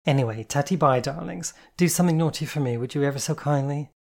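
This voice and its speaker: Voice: mid-range voice, fast, gravelly. A reader voicing a playful, flirty woman who calls everyone darling. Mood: chirpy. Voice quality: chirpy, camp endearments. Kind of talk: audiobook character voice.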